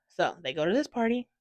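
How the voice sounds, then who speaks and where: A young woman giving a casual, chatty book review, gushing and rambling excitedly, sprinkling in "like" and swearing freely, sounding tired. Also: on the low side, no room sound. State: tired from no sleep.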